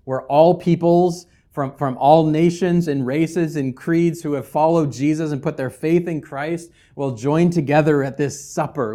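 A man preaching a sermon as pastor, swinging between loud, emphatic scripture reading and quiet, conversational asides with humor. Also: fairly high pitch. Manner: conversational, with casual fillers and humor.

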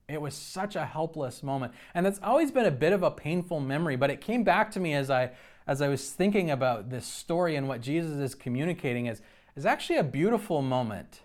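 A man preaching a sermon, telling personal stories in an earnest way with frequent restarts. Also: on the high side. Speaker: pastor.

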